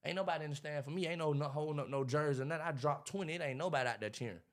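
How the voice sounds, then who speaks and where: Fast-talking man, animated preachy storyteller. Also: fairly high pitch. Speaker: podcast guest, motivational speaker. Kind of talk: casual interview talk.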